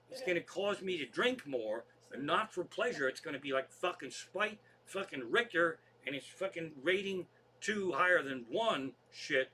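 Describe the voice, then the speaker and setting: A man's voice: on the high side, expressive, moderate pace, sharp tone, a little hiss or hum. A man hosting his own comedy show, rambling through stories in a casual monologue and swearing constantly.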